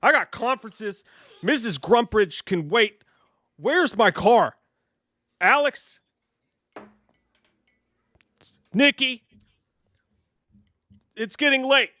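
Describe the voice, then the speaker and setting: A man's voice: very high voice, animated, takes it slowly, long pauses, pushed and bright, no room sound, pitched above the performer's own voice, heavily acted. A man voicing Doctor Chalice, a tipsy middle-aged doctor who rambles and meanders through a story.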